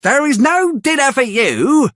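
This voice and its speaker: A man voicing a mean, harsh woman in a storybook reading, scolding with a husky edge. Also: big pitch swings, unhurried, fairly bright tone, dry recording, studio quality, exaggerated voice. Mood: cold. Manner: scolding, shrill and cold. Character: mean, harsh middle-aged woman, stepmother figure.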